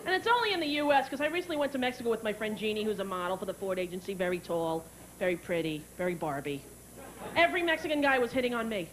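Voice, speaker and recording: Woman, stand-up comedian, sarcastic, profane, animated delivery, audience noise. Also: a little high, fast. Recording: live club with crowd laughter. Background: audience laughter.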